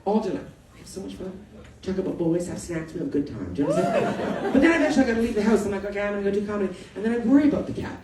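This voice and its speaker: A middle-aged woman from Canada doing a stand-up comedy set, talking in rapid asides with sudden loud, swearing outbursts. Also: mid-range voice, very animated. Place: comedy club stage. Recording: echoey room with crowd laughter. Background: audience laughter.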